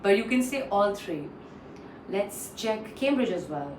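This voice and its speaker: A woman's voice: mid-range voice, expressive, unhurried, a little mellow, distant mic. Woman teaching pronunciation in a roomy echo. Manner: explanatory, repeats each word for drill; frequent "uh" fillers. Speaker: English pronunciation trainer. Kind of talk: online pronunciation lesson. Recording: roomy echo, off-mic, faint noise.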